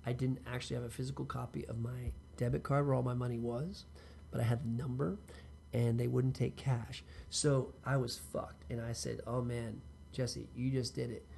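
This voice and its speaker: A man with a gravelly, fry-edged voice at an ordinary middle pitch spins a loose, profane personal story. He talks straight to the listener and wanders into asides, and a faint hum of ambient noise sits behind him. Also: fairly even intonation, moderate pace, mellow. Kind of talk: casual personal storytelling monologue.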